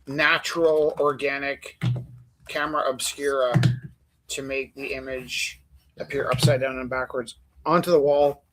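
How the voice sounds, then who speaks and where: A man at mid pitch chats casually on a live art stream, telling long rambling stories packed with fillers. The faint tapping of a keyboard sits behind his talk. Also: little pitch movement, a little slow, a bit bright, a little hiss or hum, low-quality recording. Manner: rambling storyteller, many fillers. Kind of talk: casual chat while drawing.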